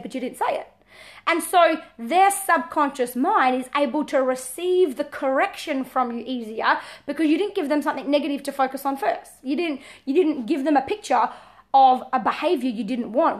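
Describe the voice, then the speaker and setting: Aussie lady parenting coach, high voice, talks fast and loose, lots of restarts. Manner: lively, repeats words and restarts, laughs often. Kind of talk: casual talk to camera.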